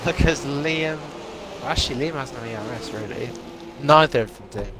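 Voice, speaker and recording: A man's voice: mid-range voice, normal speed, background noise. A young man doing casual, jokey commentary on a sim racing stream, laughing and swearing now and then while he fights off hiccups. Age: young adult. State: has hiccups. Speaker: race commentator.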